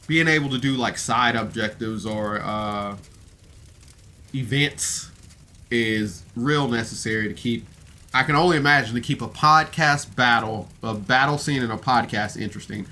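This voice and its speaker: A man's voice: mid-range voice, moderate pace, sharp tone, slight background noise. A man giving a casual, rambling review of a podcast episode on camera, emotional and full of fillers. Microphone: camera mic, seated on camera.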